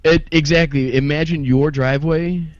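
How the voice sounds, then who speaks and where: A man's voice: a little high, steady tone, moderate pace, no room sound. A man chatting casually on a podcast in a laid-back way, swearing in passing. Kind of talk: casual chat. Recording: dry, dull lo-fi podcast audio.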